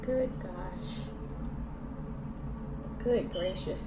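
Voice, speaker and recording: A woman's voice: fairly low pitch, drawn-out words. Slangy woman chatting through a mouthful. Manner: slangy, talks with her mouth full between bites. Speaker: mukbang vlogger. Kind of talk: casual chat while eating. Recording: echoey room from a distance with background noise.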